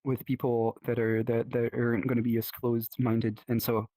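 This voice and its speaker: A man's voice: medium pitch, completely flat delivery, warm tone, no room sound. A man with a French accent, a native French speaker talking in English, chatting casually as a podcast guest, full of restarts and fillers. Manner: halting, many restarts and fillers. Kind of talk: casual chat.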